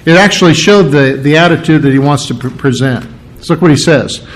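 Male preacher, slightly high voice, teaching sermon that unpacks key words with firm emphasis. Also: fairly quick, poor audio. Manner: explains word meanings step by step, restarts and stresses key words. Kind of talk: expository sermon.

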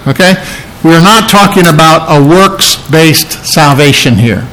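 A man's voice: on the high side, animated, a little slow, a bit bright, low-quality recording. A man preaching a sermon, explaining a scripture passage in an earnest teaching tone and repeating key phrases for emphasis.

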